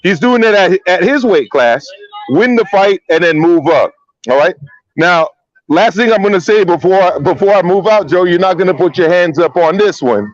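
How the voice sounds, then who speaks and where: A man talks casually over a remote call, blunt and direct, often doubling up on his words. His voice sits a little high. The line sounds muffled and lo-fi, with no room sound at all. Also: lively intonation, normal speed, no echo. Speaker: guest analyst. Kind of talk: casual chat. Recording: dull lo-fi call audio.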